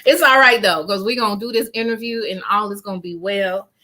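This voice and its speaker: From home, surrounded by family, a woman in her fifties conducts a faith-based interview over video call in a medium-pitched, pushed, bright voice at a fairly quick pace. She speaks earnestly as a grief counselor, repeating key phrases like rhetorical preaching.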